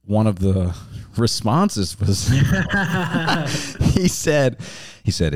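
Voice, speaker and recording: A man's voice: medium pitch, animated, takes it slowly, a little mellow, smooth, no echo. A man hosting a podcast in casual chat who rambles, restarts himself and laughs often. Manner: rambling, self-interrupting and laughing. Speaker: podcast host.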